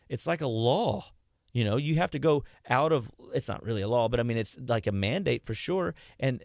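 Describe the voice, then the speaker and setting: A man's voice: medium pitch, gravelly, no echo, studio quality. A man who is a health clinician, guest on a radio show. He talks energetically to listeners he calls "guys", often restarts and repeats words, and acts out the voices of the people he quotes. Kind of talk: conversational radio health talk.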